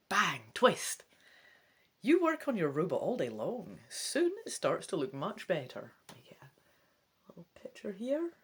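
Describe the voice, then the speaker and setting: Lively Scottish woman reading aloud. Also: fairly low pitch, slightly rough. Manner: cheeky, chatty, talks straight to viewers. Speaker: let's play reader. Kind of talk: reading a gamebook aloud with chatty asides.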